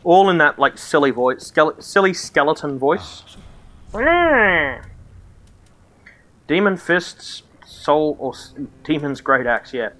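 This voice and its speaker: Let's-play commentator, man, bright forward tone, a touch higher than usual, jokey. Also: unhurried, few pauses. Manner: joking, laughs often. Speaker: gaming streamer.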